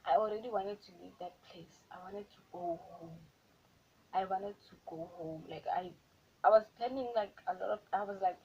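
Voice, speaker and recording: A woman's voice: medium pitch, steady tone, moderate pace, warm tone. A young South African woman telling a story from her own life on camera, retelling it animatedly with lots of "like" and quoted asides. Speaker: YouTuber. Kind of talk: storytime vlog. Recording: dull audio with faint hiss.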